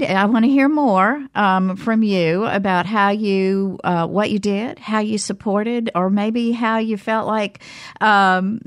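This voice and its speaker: A woman hosting a call-in radio talk show, speaking haltingly with many fillers and restarts. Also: mid-range voice, no room sound, clean studio sound.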